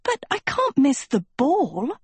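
A woman's voice: sits high, huge pitch swings, takes it slowly, dry recording, pitched above the performer's own voice, heavily acted. A woman voicing a pampered, vain young girl who whines and insists in a sing-song way. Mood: petulant. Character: high-pitched pampered vain girl, petulant.

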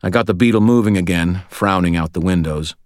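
A man reading a first-person novel aloud in a steady, measured storytelling voice, recorded close to the mic. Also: deep voice, no echo. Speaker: audiobook narrator.

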